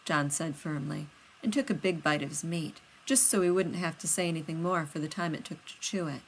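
A woman reading fiction aloud as audiobook narration, steady and unhurried. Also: sits low, slight background noise, rough recording. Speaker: reader.

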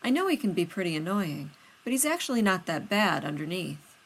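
A woman reading aloud voices a gruff, blunt male teammate. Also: lowish voice, sing-song, brisk. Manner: blunt, grunting.

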